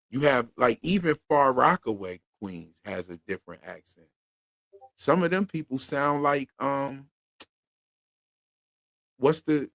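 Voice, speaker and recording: A man's voice: medium pitch, creaky, fairly bright tone, no room sound. A man from Pennsylvania with a Philadelphia accent, co-hosting a loose, slangy livestream chat and reading viewer comments aloud. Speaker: podcast co-host.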